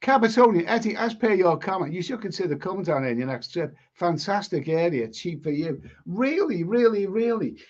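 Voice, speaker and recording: Brief: English man, live stream host, blunt and opinionated, restarts a lot, slightly raised pitch, muffled lo-fi audio. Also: fairly quick, hardly any pauses. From England. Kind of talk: casual live chat stream.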